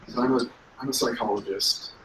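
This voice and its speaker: A man's voice: medium pitch, fairly even intonation, brisk, pushed and bright, slight background noise, natural voice. A man playing a hesitant jailed psychologist woman. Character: wary female prisoner, a psychologist. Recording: roomy, distant mic.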